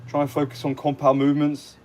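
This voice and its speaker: A man hosting a casual livestream, a fitness trainer answering viewers' questions in relaxed short lists. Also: fairly high pitch, fast talker.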